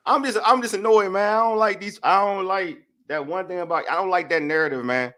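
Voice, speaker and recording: High-voiced man venting about sports. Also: brisk, fairly bright tone. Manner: heated, venting, slangy. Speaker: sports show host. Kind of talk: casual sports debate.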